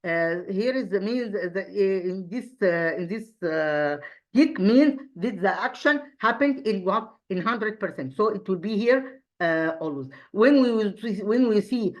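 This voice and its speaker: A woman teaching an English grammar review lesson, pausing often and repeating herself, asking rhetorical questions as she goes. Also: mid-range voice, expressive, muffled recording. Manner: hesitant, frequent fillers and restarts.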